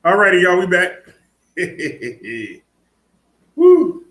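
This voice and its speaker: Chatty man with a bright voice. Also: fairly high pitch, lively intonation, unhurried, echoey room, poor audio. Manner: chatty, laughing, talks to viewers and his bike. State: out of breath. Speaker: fitness and e-bike vlogger. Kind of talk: casual vlog demo.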